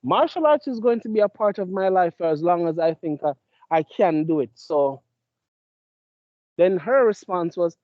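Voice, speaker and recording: A man's voice: high-pitched, expressive, normal speed, dry recording, highs cut off. A man in his thirties co-hosting a podcast, telling stories in casual slang-heavy chat. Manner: laid-back, slang-heavy storytelling. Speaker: podcast co-host.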